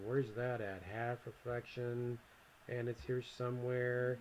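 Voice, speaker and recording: Male instructor, mid-pitched voice, casual screencast walkthrough, slightly muffled lo-fi recording. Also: flat delivery, measured pace, darkish tone, slight background noise. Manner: casual, talks to himself while clicking; joking asides to viewer. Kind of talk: screencast software tutorial.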